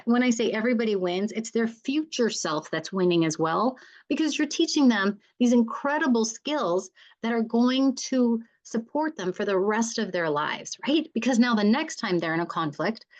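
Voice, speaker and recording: A woman's voice: mid-range voice, dull audio. A woman mediator giving an earnest, encouraging conference talk to fellow mediators, often checking in with "right?".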